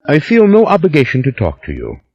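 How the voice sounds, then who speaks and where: A terse, defiant man, voiced by the narrator, speaks in short, firm sentences. His voice runs higher than the narration and moves a lot, and the recording sounds dry and slightly dull. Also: wildly swooping pitch, a little fast, a little mellow, breathy edge, dry recording, heavily acted. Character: blunt, defiant man, a former order member.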